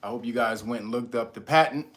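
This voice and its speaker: Male vlog host, mid pitch, slangy and profane, mocking, shouting out viewers by name. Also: quick pace. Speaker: channel host. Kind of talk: casual talk to viewers.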